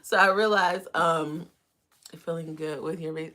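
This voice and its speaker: An American woman hosts a live stream, greeting viewers in a bright, high voice and then chatting casually, rambling with plenty of fillers. Her intonation is fairly even, her speed normal, and there's slight background noise.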